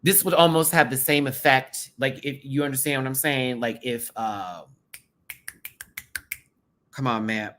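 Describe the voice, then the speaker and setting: A man with a sassy, animated way of talking, commenting casually to camera on a reality show. He uses drag slang and jumps from loud bursts to hushed asides. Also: mid-range voice, a little slow, pauses often. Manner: drag slang, calls viewers sister and baby. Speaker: drag race show reviewer, channel host.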